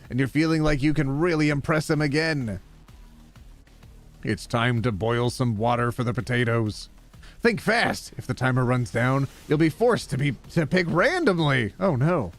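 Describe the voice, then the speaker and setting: A man from Canada playing a game on stream, reading its text aloud in a playful, joking way. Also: mid-range voice. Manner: playful, joking, laughs often. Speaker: gaming streamer.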